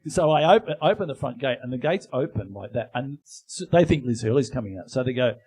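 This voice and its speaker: A man with a mid-pitched, ordinary voice tells rambling stories on a live comedy podcast. He talks in a loose, anecdotal way, with false starts and asides. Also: expressive, fairly quick, darkish tone, husky, rough recording. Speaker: podcast co-host. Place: live venue with audience.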